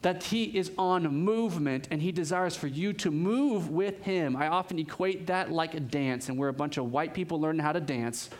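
A man with a high, bright voice preaches a sermon. He tells his stories in an animated way, laughs often, and breaks off into quick asides. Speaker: pastor.

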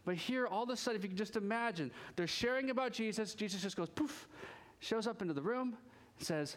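A man preaching a casual, conversational sermon as a pastor, chatty and animated, joking with the congregation as he goes. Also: high voice, a little fast.

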